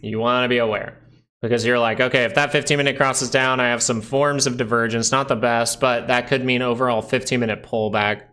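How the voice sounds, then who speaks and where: A man's voice: mid-range voice, steady tone, fairly quick, pushed and bright, clean tone. A man hosting a casual stock market livestream, talking through chart signals in a chatty, rambling way and greeting viewers by name. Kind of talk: casual live chart analysis with chat.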